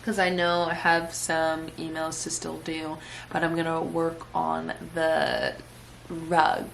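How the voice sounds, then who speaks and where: Chatty young woman with a low voice. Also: measured pace, creaky, a bit bright, slight background noise. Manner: chatty and emotional, heavy use of "like". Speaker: vlogger and podcaster. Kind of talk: casual day-in-my-life vlog talk. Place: at home.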